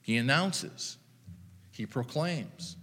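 A man's voice: medium pitch, animated, drawn-out words, sharp tone, slightly rough, long reverb tail. A man preaching a sermon as pastor, retelling scripture with wry, dry humor.

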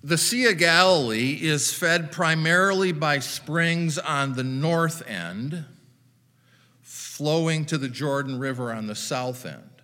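A man's voice: on the high side, slow pace, pushed and bright, long reverb tail. A man preaching a sermon as pastor, retelling scripture with wry, dry humor.

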